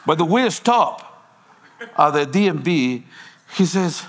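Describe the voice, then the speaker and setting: A man preaches, unhurried and deliberate, his voice sitting a bit high for a man. He tells his stories with halting, restarting phrases, the way a pastor talks from the pulpit. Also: animated. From Guatemala. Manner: storytelling, with broken phrasing and repeated restarts. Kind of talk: sermon.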